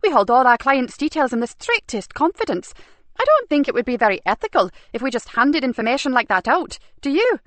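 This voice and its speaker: A woman's voice: sing-song, brisk, dry recording. Woman doing Bella, a prim fussy wife. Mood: prim, protective. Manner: prim, emphatic, slightly high. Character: fussy protective middle-aged wife, bookkeeper.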